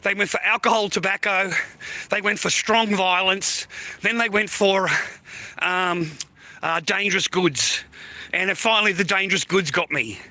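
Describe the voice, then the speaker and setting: A man's voice: high voice, normal speed, bright, forceful tone, no room sound. A man ranting on a live stream, blunt and full of swearing. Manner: angry, heavy swearing, blunt. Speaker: livestreamer. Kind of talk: profane live-stream rant.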